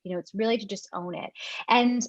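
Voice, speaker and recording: A woman's voice: medium pitch, fairly quick, dry recording. Earnest woman coach on dry lo-fi audio. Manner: earnest, gentle, repeats words while thinking. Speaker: parenting coach guest. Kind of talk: reflective advice-giving conversation. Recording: dry, dull lo-fi call audio.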